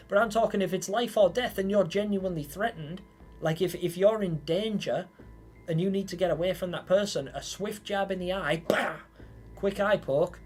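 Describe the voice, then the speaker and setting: Male livestream host from England, slightly raised pitch, rambling and chatty, reads out viewer comments. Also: breathy edge. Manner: bursts into loud excited greetings. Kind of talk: casual live-chat stream.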